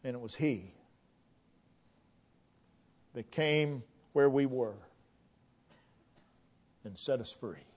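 A man preaching a sermon, slow and emphatic, repeating a refrain and swinging between loud declarations and hushed tones. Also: medium pitch. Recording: dull lo-fi recording.

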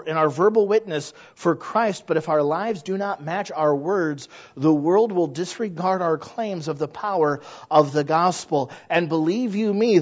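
A man preaching a sermon in an earnest, conversational way, often asking rhetorical questions. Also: high-pitched. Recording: dull lo-fi recording.

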